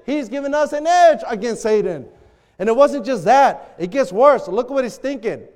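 A man preaching a sermon as a pastor, animated, acting out quoted prayers. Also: sits high, big-room sound.

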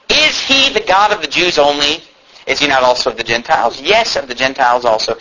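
A man's voice: a little high, sharp tone. A man preaching a sermon, reading scripture aloud and building emphasis as he explains it. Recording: dull lo-fi sound.

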